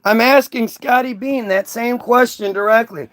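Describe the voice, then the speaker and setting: Streamer, male, high voice; combative, taunting rant at his chat. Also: normal speed, hardly any pauses, fairly bright tone. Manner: mocking, confrontational, profane. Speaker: livestream host. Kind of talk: ranting at commenters.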